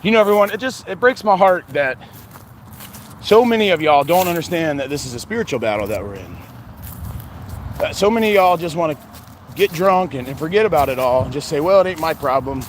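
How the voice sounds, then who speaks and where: A man's voice: fairly high pitch, expressive, fairly quick, long pauses. A man talking earnestly and rambling to his viewers outdoors, filming himself on a phone. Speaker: vlogger. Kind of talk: casual monologue to viewers. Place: outdoors, windy cemetery grounds. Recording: noisy outdoor recording with wind.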